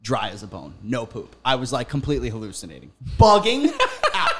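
Animated young man telling a wild story. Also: medium pitch, a little fast. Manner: animated, laughing, acts out his own panicked yelling. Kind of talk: casual storytelling chat.

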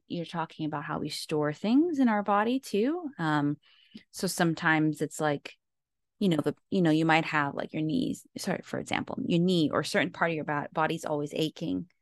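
A woman hosts a casual podcast interview, chatty and enthusiastic with plenty of rambling asides. Her voice sits a little low. The sound is dry and close, with no room echo. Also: normal speed. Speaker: podcast host.

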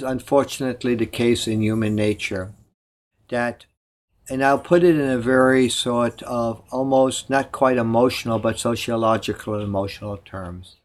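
An older man from Germany, giving discursive advice in an interview and often correcting himself mid-sentence. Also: medium pitch. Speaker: guest. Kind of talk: conversational interview.

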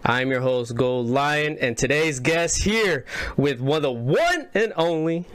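A man's voice: fairly high pitch, animated, slow pace, fairly bright tone. Laid-back male podcast host. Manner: laid-back, eager interviewer with slangy banter. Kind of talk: casual podcast chat.

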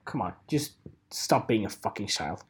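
A man's voice: on the low side, animated, moderate pace, breathy edge. A man in his twenties hosting a solo podcast, rambling in a joking, self-mocking way with fillers and swearing. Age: 20s. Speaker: podcast host.

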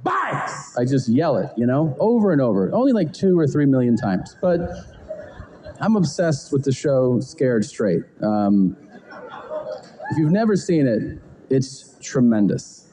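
A man doing a stand-up monologue, profane and laughing, with deadpan asides. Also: medium pitch, unhurried, a little hiss or hum, rough recording. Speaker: stand-up comedian.

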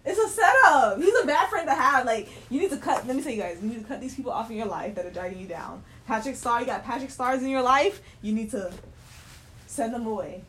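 A young woman chatting casually as a podcast co-host, ranting with animated bursts of laughter. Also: on the high side, quick pace, slight background noise. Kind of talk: casual chat.

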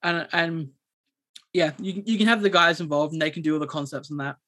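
A man, co-hosting a podcast and telling a story in a rambling, animated way with many restarts. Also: a little high, fairly quick. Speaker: podcast co-host. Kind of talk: casual chat, storytelling.

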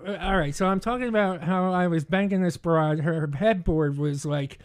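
A man telling a rowdy story in casual podcast chat, animated and often laughing through his own words. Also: sits high, moderate pace.

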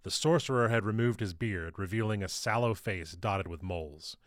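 A man reading his own novel aloud in steady, measured audiobook narration. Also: fairly low pitch, no room sound, studio quality.

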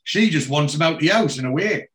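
A man's voice: on the high side, brisk. A man in casual podcast chat, retelling a TV episode scene by scene, quoting the dialogue and swearing freely. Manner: animated storyteller, slips in and out of quoted lines, swears casually. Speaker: podcast co-host recapping a TV series.

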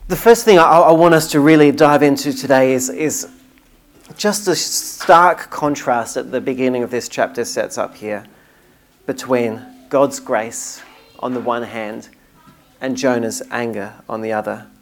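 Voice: mid-range voice, unhurried. A preacher delivering a sermon in an earnest, emphatic way, now and then restarting a phrase.

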